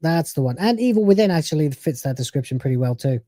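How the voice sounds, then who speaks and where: A man's voice: a little high, expressive, fast talker, warm tone, no room sound. A man hosting a live stream, reacting to a video with profane, ranting commentary and frequent laughter.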